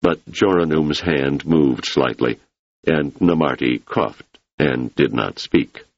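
A man narrating a novel in a measured storytelling manner. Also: rumbling low, vocal fry, no room sound, dull audio. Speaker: audiobook narrator. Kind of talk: scripted narration.

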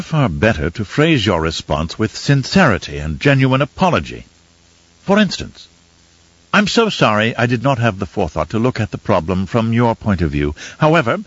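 A man voicing a fussy, pedantic male etiquette advisor with a smooth, silky voice and overly proper, theatrical manner in an audiobook. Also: on the low side, no echo, highs cut off, heavily acted. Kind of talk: audiobook character reading.

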